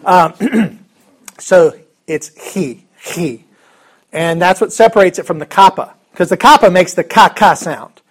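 A man's voice: sits high, unhurried. A man teaching a Bible class in a casual, joking way, chuckling often and restarting his sentences.

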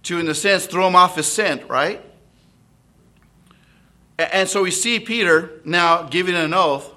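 A man's voice: sits high, measured pace, bright, forceful tone. A man preaching an expository sermon, often checking in with listeners through tag questions.

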